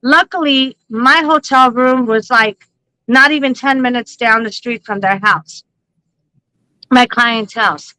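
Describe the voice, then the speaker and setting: A woman hosting a psychic-reading livestream, telling a story in an animated, laughing way and swearing freely. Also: a little high, slow pace, dry recording, low-quality recording. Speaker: psychic reader and livestream host.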